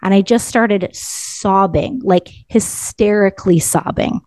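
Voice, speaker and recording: A woman's voice: medium pitch, takes it slowly, a little mellow, no echo. Earnest woman in her thirties, dry close sound. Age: 30s. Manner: earnest, emotional, reflective, many "like" fillers. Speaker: podcast co-host. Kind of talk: personal interview storytelling.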